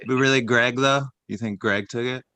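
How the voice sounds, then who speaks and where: A man co-hosting a casual comedy chat, rambling and deadpan as he reads out a long list of silly names with lots of fillers. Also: medium pitch, moderate pace, smooth, no echo. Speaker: comedy podcast co-host.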